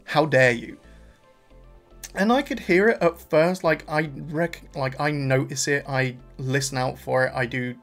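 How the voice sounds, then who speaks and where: A young man from England hosting a casual vlog review, chatty and animated, laughing often and trailing off into fillers. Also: on the high side, normal speed, few pauses, soft background music. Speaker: reaction channel host.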